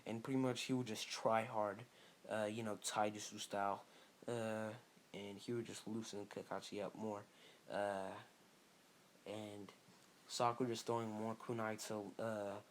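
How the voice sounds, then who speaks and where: A man casually improvising a fan story, halting often with fillers and restarts. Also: lowish voice, slight background noise.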